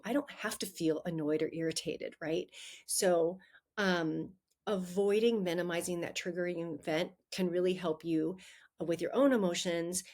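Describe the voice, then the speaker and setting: A woman's voice: on the low side, darkish tone. A middle-aged woman hosting a solo advice podcast as a relationship coach, talking conversationally with frequent "um" and "right?" tags.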